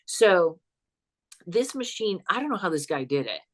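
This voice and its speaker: A woman guesting on a podcast as a psychic comedian, telling a spooky story in an animated, chatty way and laughing as she goes. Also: fairly low pitch, moderate pace. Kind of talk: casual storytelling chat.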